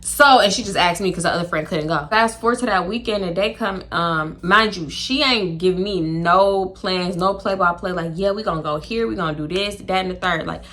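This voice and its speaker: A young woman telling a casual storytime, chatty and animated, acting out quoted dialogue with laughs. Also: on the low side, normal speed, few pauses. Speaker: storytime YouTuber.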